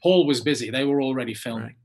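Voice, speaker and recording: An English actor recounts a story from his career, throwing himself into the voices of everyone he quotes. His tone is a little husky, and his delivery is animated and conversational. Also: medium pitch, fast. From England. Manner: animated, acts out quoted people in changing voices. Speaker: actor, guest. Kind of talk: anecdotal storytelling.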